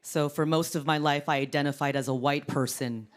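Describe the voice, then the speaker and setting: A woman in her thirties from Orange County doing stand-up on a TV studio stage, with a deep, sultry voice and deadpan, self-mocking delivery. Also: brisk, background noise. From Orange County, California. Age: 30s. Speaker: comedian. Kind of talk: stand-up comedy. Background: studio audience laughter.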